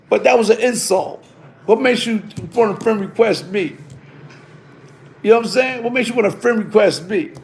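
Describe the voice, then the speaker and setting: A man's voice: high-pitched, moderate pace, vocal fry. A middle-aged man telling a story in casual street slang, tagging lines with "you heard?". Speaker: vlogger.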